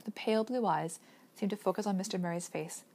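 A woman reading a novel aloud as an audiobook narrator, in steady, measured storytelling. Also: mid-range voice. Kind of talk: scripted narration.

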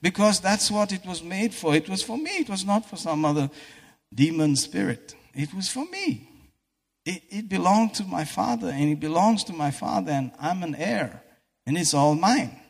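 A man's voice: sits high, lively intonation, normal speed, vocal fry, breathy edge. A man preaching a sermon in a church hall, fervent and breaking into exclamations of praise. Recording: echoey hall reverb.

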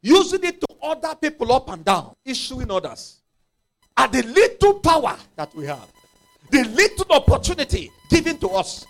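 A man delivers a sermon in a high, lively voice. His pitch swings widely as he acts out biblical scenes, shifting between hushed asides and fervent outbursts. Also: normal speed, faint music behind. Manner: impassioned, dramatizing scripture with acted voices. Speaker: preacher.

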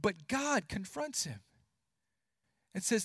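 High-voiced earnest male preacher, dry sound. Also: unhurried, pauses often, fairly bright tone, no room sound. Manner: earnest, repeats words while building points, drops voice for emphasis. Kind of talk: sermon.

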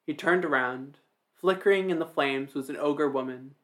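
A man narrating a fantasy story in a steady, even reading. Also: a little high, normal speed.

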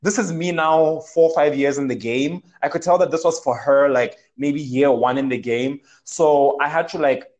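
A man's voice: a little high, normal speed, hardly any pauses, rough recording. A young man, telling a personal story in a casual chat and leaning heavily on fillers like "like". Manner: animated, filler-heavy storytelling with many "like"s.

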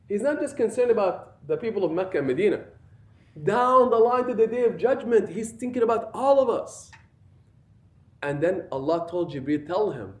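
A man who is an imam, giving a conversational, emphatic sermon and addressing the audience directly. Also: extremely high pitch. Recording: echoey room.

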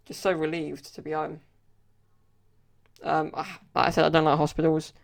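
In his solo podcast, a man rambles through casual stories thick with fillers. He speaks at a normal speed in a monotone, fairly high voice with vocal fry.

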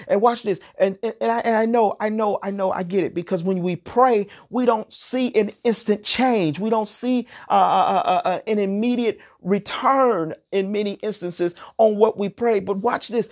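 A man's voice: sits high, measured pace, darkish tone. A man preaching an impassioned sermon who often repeats words and restarts phrases as he builds to emphatic declarations.

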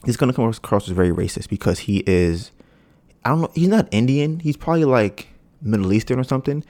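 A man hosting a podcast, telling a long story in loose, slangy casual talk and acting out the lines of the people in it. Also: quick pace. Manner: animated, acts out quoted dialogue with rising pitch; loose slangy speech with frequent fillers. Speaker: podcast host.

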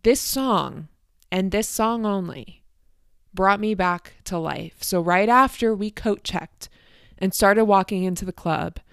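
A young woman hosting her podcast, telling a night-out story in a chatty, animated way and acting out what people said. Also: mid-range voice, slow, clear, resonant tone, no room sound, studio quality. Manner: animated, chatty, acts out quotes. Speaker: podcast host. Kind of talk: casual storytelling.

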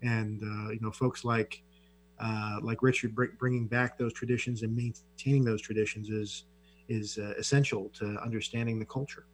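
A man's voice: on the low side, level tone, normal speed, a little hiss or hum. A man co-hosting a radio show in casual chat, articulate and chatty. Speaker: radio co-host.

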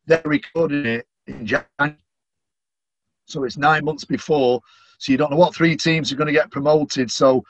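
A man's voice: fairly high pitch, dry recording, highs cut off. A middle-aged man from Manchester with a Mancunian accent, chatting casually in an interview and dropping in plenty of "you know" fillers. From Manchester, England. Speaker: stadium announcer, podcast guest.

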